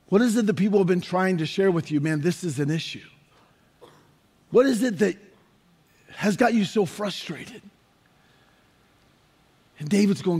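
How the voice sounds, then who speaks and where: A man preaching a sermon as pastor, impassioned and building to shouted lines. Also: high voice, animated, a little slow, pauses often, breathy edge. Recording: long reverb of a large hall.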